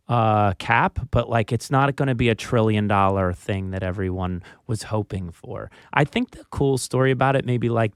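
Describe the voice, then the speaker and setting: A man with a Philadelphia accent talks as a radio guest, casual and halting, filling gaps with ums. His voice is smooth and resonant, recorded dry and close in a studio. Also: medium pitch, dry recording. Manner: hesitant, many ums and restarts.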